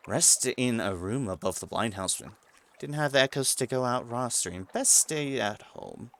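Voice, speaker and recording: This let's play streamer has a mid-range, fairly bright voice with lively intonation and a moderate pace. While playing, he casually ponders his choices and reads the on-screen text aloud to himself.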